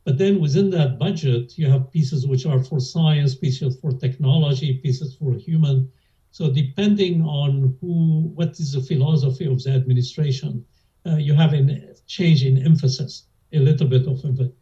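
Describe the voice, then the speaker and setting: A man's voice: a little high, normal speed, mellow. An older man, answering oral history interview questions hesitantly, with many fillers and restarts. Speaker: interviewee, former lab director. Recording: dull lo-fi audio.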